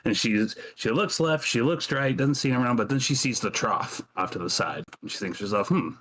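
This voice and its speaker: A man playing in a tabletop game, telling what his character does in an animated way. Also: medium pitch, a little fast, a little hiss or hum. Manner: animated storytelling. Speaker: player. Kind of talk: narrating his character's actions.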